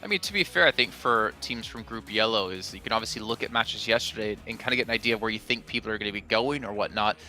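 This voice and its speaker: A man runs an esports analyst desk at speed, his voice sharp and bright. He throws teasing questions to his co-hosts. Faint music plays behind him. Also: fairly low pitch, quick pace, few pauses.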